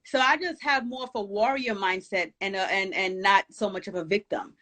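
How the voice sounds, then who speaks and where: A woman speaks in an inspirational conversation, her voice sitting at an ordinary middle pitch. She talks emphatically and encouragingly, with the cadence of someone exhorting a congregation. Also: normal speed, fairly bright tone. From Jamaica. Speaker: guest, author.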